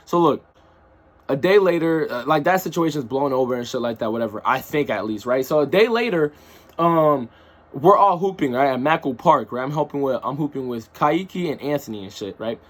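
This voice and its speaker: Brief: man, casual storytime narrator, slightly high and husky, loose slang delivery. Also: normal speed. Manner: animated, rambling, slang-heavy storytelling.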